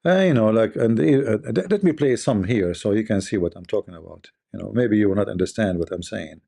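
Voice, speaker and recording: Scornful gravelly-voiced male commentator. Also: fairly low pitch, fairly quick, dark tone. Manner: scornful, rhetorical questions, repeats himself. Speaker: online commentator. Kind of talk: casual live-stream commentary.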